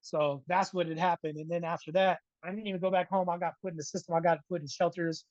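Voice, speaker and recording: A middle-aged man recounts his past as an interview guest, animated and conversational, tossing in "right?" after his points. The recording is dry and a little dull, close with no room sound. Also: a little high, quick pace, dry recording. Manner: animated, keeps adding "right?". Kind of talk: storytelling in a casual interview.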